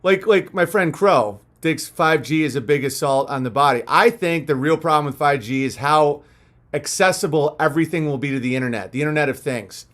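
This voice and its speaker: A man's voice: a little high, fairly quick, a bit bright. A man hosting a live stream in a casual, rambling, crude and jokey way, reading out viewer messages, a little punch-drunk after hours of talking.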